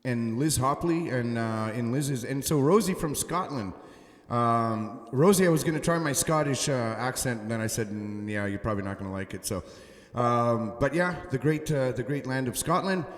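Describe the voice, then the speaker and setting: A musician hosting a casual live stream from home, talking haltingly with many fillers and restarts. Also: male voice, medium pitch, reverberant, big-room sound.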